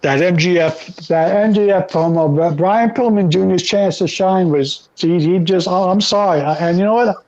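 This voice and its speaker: A man's voice: high-pitched, normal speed, hardly any pauses, darkish tone. A man co-hosting a casual wrestling podcast, playful and teasing. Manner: playful, teasing, laughs often. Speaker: podcast co-host. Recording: dull lo-fi audio.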